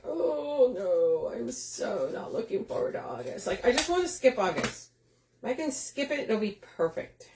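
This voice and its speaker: A woman's voice: mid-range voice, a little mellow. A chatty woman, hosting a live craft demo, talking to viewers by name and laughing often. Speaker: craft shop host. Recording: echoey room.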